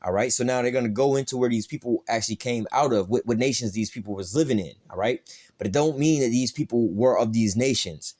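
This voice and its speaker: A man reads scripture aloud and explains it in his own loose street talk. He swears freely and leans on "all right" and "you know" to carry his points along. His pitch sits right in the middle for a man. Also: fast talker, darkish tone. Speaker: Bible teacher. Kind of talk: informal scripture teaching.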